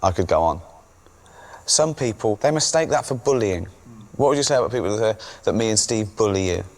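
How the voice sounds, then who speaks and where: A man's voice: fairly low pitch, lively intonation, brisk. A man hosting a TV interview in a teasing, mocking way. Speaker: TV host.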